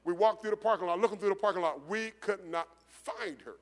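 Middle-aged preacher in a reverberant hall. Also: male voice, high voice, a little fast. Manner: conversational preaching, repeats phrases, builds to rising intensity. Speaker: pastor. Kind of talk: sermon storytelling.

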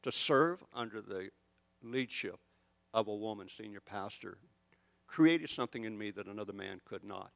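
A man's voice: on the low side, normal speed, gravelly, no room sound. Older male pastor, rambling and chatty. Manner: rambling, chatty and self-deprecating. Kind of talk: conversational sermon with stories.

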